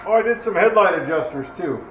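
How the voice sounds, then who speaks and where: A man's voice: high-pitched, lively intonation, quick pace, over loud music. A man chatting casually while he works on an old truck in his garage, joking about himself as he goes. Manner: chatty, self-deprecating, talks while working. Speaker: hobby mechanic restoring a truck. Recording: dull lo-fi audio with faint noise. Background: logging machinery next door.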